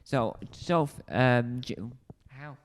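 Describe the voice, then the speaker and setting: Man, casual solo review, rambling, self-correcting, desk mic, medium pitch. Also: extremely slow, slight background noise. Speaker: show reviewer, video host. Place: indoors, seated on a squeaky spinny chair. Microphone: desk mic close to the face.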